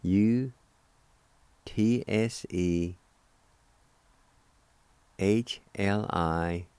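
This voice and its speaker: A man's voice: fairly low pitch, drawn-out words, darkish tone, clear, resonant tone, no echo. A man hosting a radio language lesson, spelling and pronouncing words carefully syllable by syllable and giving friendly reminders to listeners. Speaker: radio host and language teacher.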